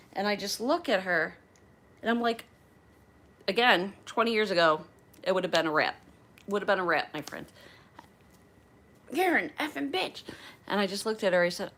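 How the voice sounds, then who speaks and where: A woman from outside Philadelphia tells a story to her livestream viewers in a casual, animated way. Her voice sits a little low for a woman, and she acts out each exchange. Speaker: flight attendant and channel host.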